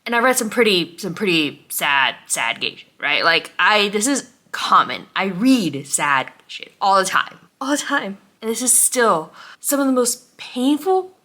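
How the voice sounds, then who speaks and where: A young woman vlogging a heartfelt book review, emotional, moving between hushed, tearful passages and angry outbursts. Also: medium pitch, big pitch swings, unhurried.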